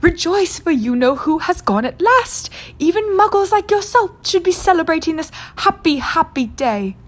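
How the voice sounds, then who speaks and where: A tiny old man in a cloak chirps in a squeaky, very high voice, as a woman reading a storybook puts him on. He exclaims with bright, bubbling joy. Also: sing-song, moderate pace. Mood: overjoyed. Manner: joyful, exclaiming. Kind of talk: reading a novel aloud.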